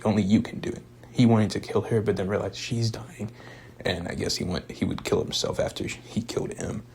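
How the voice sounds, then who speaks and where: A man's voice: lowish voice, steady tone, normal speed, gravelly, a little mellow, slight background noise. A young man casually recapping a movie in a rambling, laid-back way, full of fillers like "like" and "um". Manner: laid-back, chuckles now and then. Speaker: movie reviewer. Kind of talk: casual spoken movie review.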